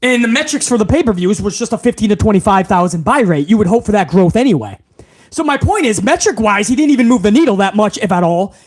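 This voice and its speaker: A man hosting a live wrestling commentary stream, ranting in an exasperated, profane, animated way. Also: high voice, quick pace.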